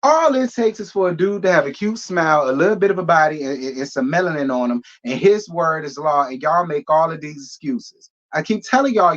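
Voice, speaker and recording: A man's voice: on the high side, lively intonation, fairly quick, few pauses, a bit bright, dull audio. A man hosting a casual reaction commentary, talking bluntly and rambling, with slang and swearing. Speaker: commentary host.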